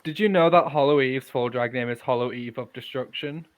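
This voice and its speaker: Male podcast co-host, chatty and playful in casual talk, mid-pitched. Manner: chatty, playful, quick to correct others. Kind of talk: casual chat.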